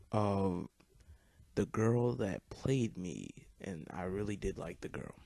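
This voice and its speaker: A man's voice: deep voice, dark tone, dry recording. A teenage boy telling a personal story in a rambling, casual way over gameplay, with lots of fillers and swearing. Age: teens. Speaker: YouTube commentator.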